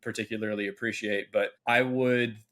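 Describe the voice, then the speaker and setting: Lower-voiced male co-host, calm and measured delivery. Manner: measured, polite. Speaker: talk show co-host. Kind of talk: casual political debate.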